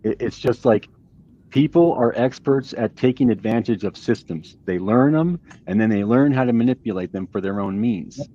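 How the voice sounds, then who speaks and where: A man's voice: mid-range voice, moderate pace, mellow, lo-fi sound. A man on a livestream panel talking casually and skeptically, drawing out his points.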